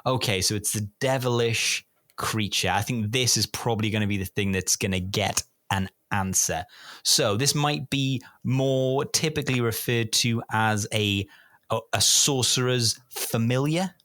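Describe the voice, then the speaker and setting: A man's voice: mid-range voice, measured pace, a bit bright, dry recording. A man hosting a casual podcast quiz, playful and teasing as he hands out clues. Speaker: podcast host running a quiz. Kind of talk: casual chat.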